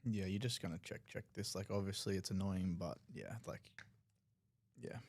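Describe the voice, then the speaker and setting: A man's voice: low-pitched, normal speed, a little mellow, no room sound. A man with an Australian accent breaking down poker hands in live commentary, analytical and loose, full of filler words.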